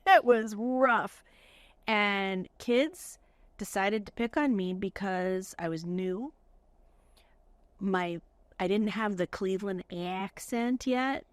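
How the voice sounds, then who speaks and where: A middle-aged Californian woman hosts a podcast, chatting casually with guests in an earnest, talkative way packed with fillers. Her mid-range voice is a little slow, and the recording is dry.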